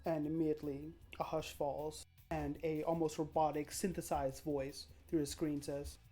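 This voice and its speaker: Low-voiced woman game master, casual. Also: little pitch movement, moderate pace, warm tone, faint music behind. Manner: casual, descriptive, with fillers and swearing. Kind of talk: narrating a live-streamed tabletop game.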